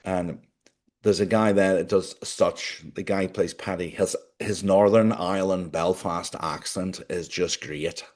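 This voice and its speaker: A man's voice: low-pitched, fairly even intonation, unhurried, darkish tone. A man hosting his own live show, talking casually and jokily, rambling from one topic to the next and sounding sleepy. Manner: jokey, chatty, wanders off topic. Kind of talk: rambling casual livestream chat. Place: small studio.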